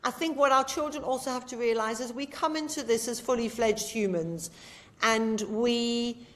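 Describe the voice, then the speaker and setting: A woman in her fifties chats as a podcast guest, her voice sitting a little high. She tells family stories with energy, slipping into little acted quotes of other people. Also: moderate pace. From England. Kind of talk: casual storytelling chat.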